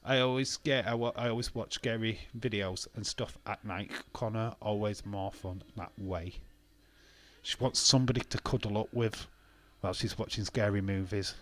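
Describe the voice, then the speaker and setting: A man's voice: on the low side, fairly even intonation, moderate pace, fairly bright tone. A young man casually chatting on a live stream, reading out viewer comments, laughing often and swearing now and then. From England.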